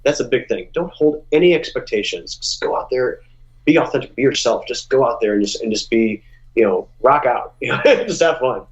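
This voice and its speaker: A man's voice: fairly quick, lo-fi sound. Chatty male singer telling stories. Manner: animated, acts out quotes in a high voice, many restarts. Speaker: musician guest. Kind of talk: casual interview storytelling.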